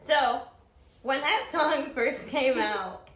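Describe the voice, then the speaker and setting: Animated woman telling stories. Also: high voice, takes it slowly, a little hiss or hum. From United States. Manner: animated storyteller, acts out quotes. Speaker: podcast co-host. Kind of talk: casual chat. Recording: echoey room.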